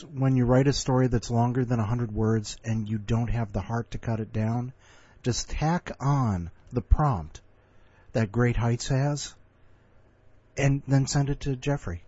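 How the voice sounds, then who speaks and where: A man's voice: mid-range voice, warm tone, slightly rough, no room sound, muffled recording. A man hosting a podcast in casual comedic banter, rambling through jokey, self-deprecating asides. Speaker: podcast host.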